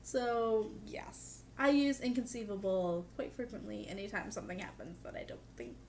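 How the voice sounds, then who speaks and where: A woman's voice: medium pitch, expressive, moderate pace, slight background noise. A young woman vlogging in a casual, chatty way, with dry humor and lots of "like". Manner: chatty, peppered with "like". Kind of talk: casual chat to camera.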